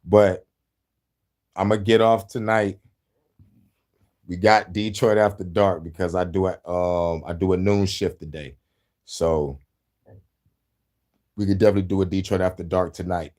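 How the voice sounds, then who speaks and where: Low-voiced, tired, profane man hosting. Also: steady tone, unhurried, long pauses, a little mellow. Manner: rambling, heavily profane, laid-back. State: tired, has not slept. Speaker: host. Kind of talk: casual late-night monologue.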